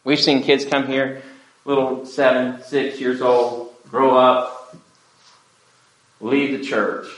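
A man's voice: medium pitch, level tone, slow, long pauses, echoey room, low-quality recording. A pastor preaching an earnest, pleading sermon to his church. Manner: earnest, pleading preaching with wide swings in loudness.

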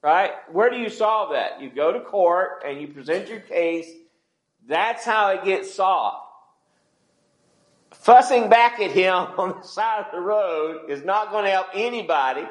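A man's voice: high voice, unhurried. A man preaching a sermon in a conversational way, asking the congregation questions as he goes. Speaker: pastor. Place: church sanctuary. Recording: echoey church hall.

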